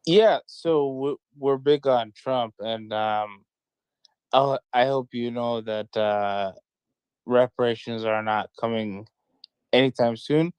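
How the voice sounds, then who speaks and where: A man's voice: mid-range voice, slow pace, a little mellow, clean tone, dry recording, poor audio. A man calling in to a talk show, speaking in a sarcastic, mock-cheerful tone. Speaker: caller. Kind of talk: casual call-in chat.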